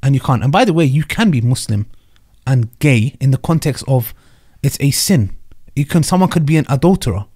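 A man hosting a reaction discussion, commenting in an animated way and mixing in Arabic religious phrases. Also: medium pitch. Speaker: host reacting to a debate clip. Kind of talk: casual commentary.

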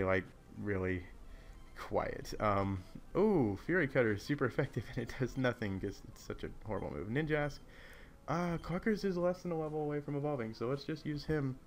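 A man's voice: medium pitch, brisk, a little hiss or hum. A man casually commentating a video game, rambling and easily distracted, keeping his voice down in an echoey hotel room. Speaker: gameplay commentator. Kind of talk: casual let's play commentary.

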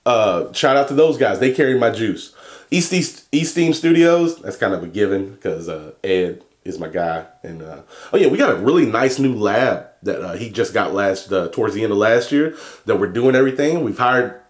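A young man talking casually in a vlog, cursing and joking as he reads a long list of shout-outs and stumbles over place names. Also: lowish voice, sing-song, normal speed. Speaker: vlogger and e-liquid maker.

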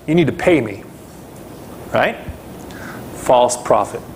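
A male pastor preaching a sermon, slow and emphatic, repeating key phrases and rising into bursts of emphasis. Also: a little high, a little hiss or hum.

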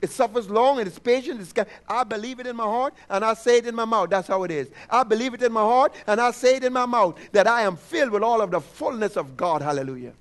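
A man with a strikingly high voice preaches a sermon. He keeps prompting the congregation for responses and repeats affirmations, drawing out key words slowly to stress them. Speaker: pastor.

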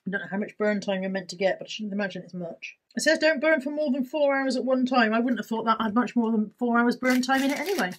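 A chatty woman talking through her shopping haul at a table at home, rambling along and poking fun at herself. Her voice sits a little high and has a husky, breathy edge. It sounds as if it is picked up by a camera resting on the table in front of her. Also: quick pace, hardly any pauses, low-quality recording. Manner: chatty, rambling, self-deprecating. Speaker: YouTuber showing a shopping haul. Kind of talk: casual haul vlog.

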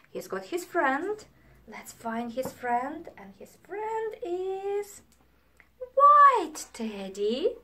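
Slow, high-voiced woman teaching kids songs. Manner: animated, swings between sung lines and hushed whispers. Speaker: children's music teacher. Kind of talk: sing-along music lesson for young children.

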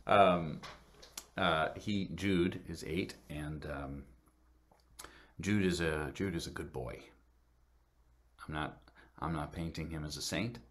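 A middle-aged man speaks to a church congregation in an extremely low, rumbling voice. He tells a family story in a halting way, full of fillers and restarts. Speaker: guest speaker at church service. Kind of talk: personal storytelling talk.

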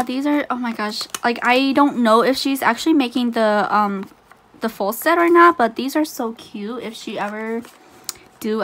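A woman vlogger chatting casually through an unboxing, gushing and excitable with frequent laughs. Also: on the high side, slight background noise.

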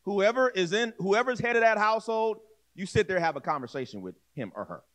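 A male pastor preaching with a high, lively voice that swoops up and down. He talks straight to the congregation in a casual, conversational way. He acts out the people in his story and often repeats himself or restarts a phrase. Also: fairly quick. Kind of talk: sermon.

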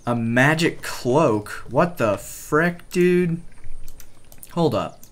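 A young man gives casual, excitable gameplay commentary, swearing mildly and sometimes dropping to a whisper. His voice is a little high, and he speaks very slowly.

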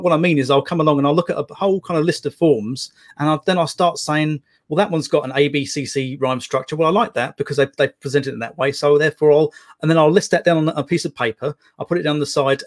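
Fast-talking man, rambling poet. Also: fairly high pitch. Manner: rambling, many restarts and fillers. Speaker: poet guest. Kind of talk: casual interview talk.

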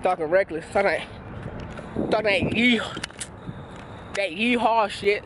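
Excitable slangy man telling a prank story. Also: moderate pace, pauses often, a little hiss or hum. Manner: excitable, slangy storytelling with sudden high-pitched outbursts. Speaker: prank channel host. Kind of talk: storytime talking to camera.

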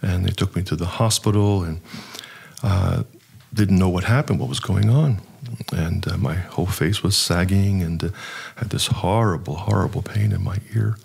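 Low gravelly man telling a story. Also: a little mellow. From United States. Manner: earnest, halting with many uhs. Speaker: archpriest guest. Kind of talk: personal storytelling.

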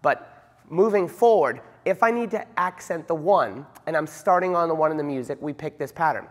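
A man teaching a dance lesson, explaining patterns and counting the beats aloud in a steady rhythm. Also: fairly high pitch, moderate pace. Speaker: dance instructor. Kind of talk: instructional dance demonstration. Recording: reverberant hall sound.

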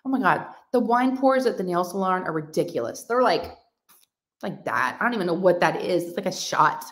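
A woman hosting a casual crafting livestream from home, reading comments aloud in a gushing, excitable way. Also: on the low side, brisk. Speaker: livestream host of a crafting channel.

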